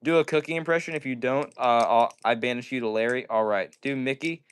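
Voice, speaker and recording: A man's voice: medium pitch, brisk, clean tone. A man hosting a casual livestream, chatting with viewers and rambling and apologizing often. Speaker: livestream host.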